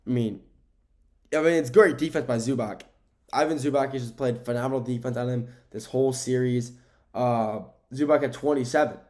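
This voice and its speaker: A young American man hosting a sports podcast alone. He rambles in casual chat, repeats himself and uses a lot of fillers, and he gets excited when he talks about the games. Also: medium pitch, normal speed. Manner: grows excited when talking about the game. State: sleepy, keeps yawning. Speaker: podcast host.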